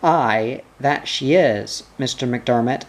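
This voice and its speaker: Guy reading welsh first mate, cheery, slow. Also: medium pitch. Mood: cheerful.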